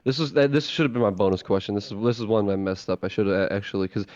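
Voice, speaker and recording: Low-voiced man on a dull lo-fi mic. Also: rapid-fire, a little mellow, no echo. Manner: laid-back, agreeable, short replies. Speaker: podcast co-host. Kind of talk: casual chat.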